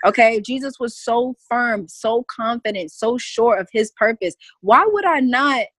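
A woman's voice: on the high side, lively intonation, unhurried, a bit bright, no echo. A woman speaking as a podcast guest in casual conversation, emphatic and goofy, often breaking into laughter.

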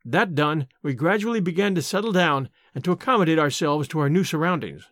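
A male narrator reading a classic novel aloud in clear, measured scripted narration. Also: on the high side, fairly bright tone, dry recording. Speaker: audiobook narrator.

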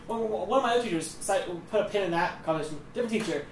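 A man's voice: sits high, very fast. A young man co-hosting a casual chat podcast, rambling with many fillers and acting out quotes. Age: young adult. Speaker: co-host. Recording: roomy echo, distant mic, faint noise.

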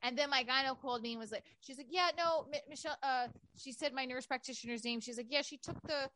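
A woman's voice: high voice, fast talker, fairly bright tone. A woman in her thirties telling candid personal stories in casual chat, swearing freely.

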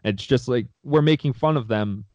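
A man co-hosting a casual sports chat, quick to work himself into a profane rant. His voice sits in a middle range. The recording is dry and a little muffled. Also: mid-range voice, a little mellow, dry recording. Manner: profane, heated ranting. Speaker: podcast co-host. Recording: dry, slightly dull sound.

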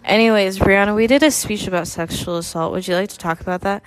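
A woman's voice: medium pitch, fast, few pauses. A tipsy young woman joking as a mock news anchor, rambling and profane, often losing her thread. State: tipsy from drinking. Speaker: student friend.

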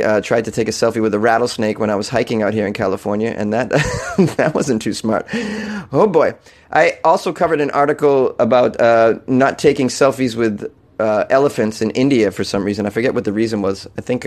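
A young man from New England hosting a casual comedic news talk show, irreverent and swearing, laughing at his own jokes. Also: mid-range voice. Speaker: radio show host.

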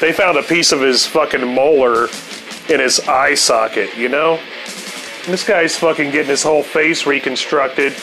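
A man's voice: a little high, normal speed, music in the background, poor audio. A man in his fifties telling a profane personal story in a laid-back, casual way as a podcast host. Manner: laid-back, swears constantly, laughs at his own stories.

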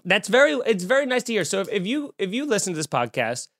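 A man's voice: sits high, quick pace. A young adult man, a stand-up comedian, telling a casual, jokey podcast story and acting out the people in it. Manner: animated, jokey, acts out voices in anecdotes.

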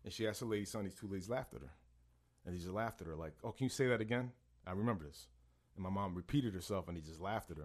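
A man in his thirties, co-hosting a podcast, telling a story in a casual, animated way and acting out the voices of the people he quotes. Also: lowish voice. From born in Texas, Puerto Rican family. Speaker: podcast co-host.

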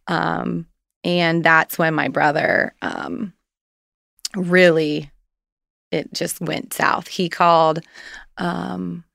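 A woman's voice: lowish voice, gravelly, fairly bright tone, no echo, studio quality. A woman in her thirties, a guest candidly recounting a personal story in casual, rambling conversation.

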